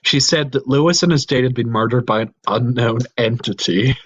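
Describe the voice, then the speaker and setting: A man in a mid-range voice reads a horror story aloud for a comedy podcast and keeps cutting in with jokes. He swears freely and jumps into shrill outbursts. The sound is close and dry. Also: normal speed, slightly rough, no room sound, highs cut off. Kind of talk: comedic reading and riffing.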